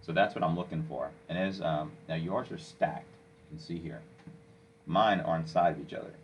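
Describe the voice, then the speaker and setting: A man walking a listener through software step by step, coaching and checking in with "okay?" as he goes. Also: sits low, moderate pace, lo-fi sound, a little hiss or hum. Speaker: software instructor. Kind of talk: screen-recorded software tutorial.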